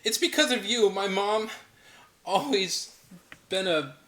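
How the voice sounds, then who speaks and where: A young woman gamer reeling from loss, voiced in a table read. Her voice leaps around in pitch, shaken and accusing by turns. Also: animated, takes it slowly, fairly bright tone, slight background noise. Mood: distraught. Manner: cocky, then shaken and accusing. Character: young woman gamer, Danny, grief-stricken.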